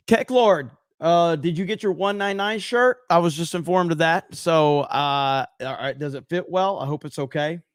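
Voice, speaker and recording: A man's voice: medium pitch, smooth, dry recording, clean studio sound. A man hosting a livestream, talking casually with scornful, exasperated asides and frequent swearing. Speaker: livestream host.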